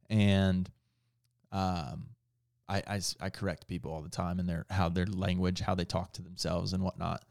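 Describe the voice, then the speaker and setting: A man with a fairly low voice talks through a casual faith conversation in an earnest way. He often trips, restarts and corrects himself mid-thought. The sound is dry and close, with no room around it. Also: little pitch movement, moderate pace, gravelly, darkish tone, dry recording. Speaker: podcast co-host.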